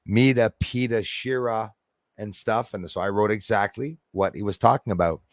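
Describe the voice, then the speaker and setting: A man's voice: fairly low pitch, a little fast, no echo, clean studio sound. A man hosting a casual livestream, reading comments aloud, laughing and poking fun at himself. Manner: laughing, self-deprecating, chatty. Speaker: livestream host reading chat.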